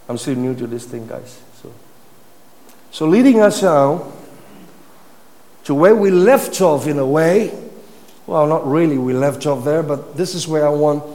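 A man's voice: a little high, warm tone. A man preaching a sermon in a teaching manner, putting questions to his listeners and repeating words as he builds his points. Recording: long hall reverb.

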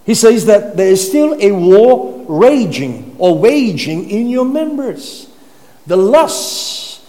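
A man with a high-pitched, very animated but dark-toned voice preaches slowly, teaching his sermon. He poses questions to the listeners and repeats words to build his points, and a long hall reverb surrounds him.

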